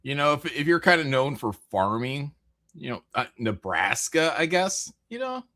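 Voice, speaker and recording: A man's voice: on the high side, sing-song, normal speed, bright, forceful tone. A man hosting a casual live stream, rambling through chat messages with frequent jokes, laughs and swearing. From American Midwest.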